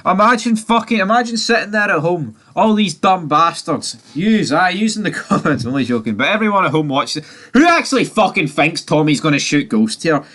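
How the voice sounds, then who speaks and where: A man's voice: high-pitched, animated, fairly quick, sharp tone. A man giving a casual, profanity-heavy TV recap, opinionated and mocking. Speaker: TV series recapper.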